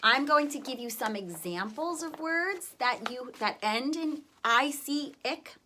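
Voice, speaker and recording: A woman teaching first graders to spell, with a bright, clear voice pitched a little high. She speaks slowly and deliberately, sounding words out one syllable at a time. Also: animated, slight background noise. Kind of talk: recorded spelling lesson.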